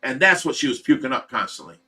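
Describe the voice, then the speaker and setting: Speaking quickly at a medium pitch, this Ohio-accented livestream host rambles through a lengthy personal story with lots of animation, doing impressions of each person involved.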